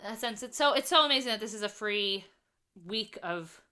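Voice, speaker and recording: A woman's voice: medium pitch, animated, moderate pace, pushed and bright, clean tone. A young woman teaching a music lesson over a video call, chatty and casual, counting beats and humming melodies. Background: cello playing.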